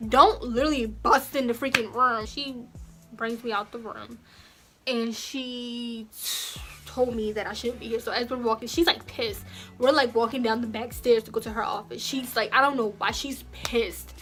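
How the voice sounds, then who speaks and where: A young woman vlogger telling a casual story, acting out the quotes in louder, raised voices. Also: on the high side, steady tone, moderate pace, faint music behind.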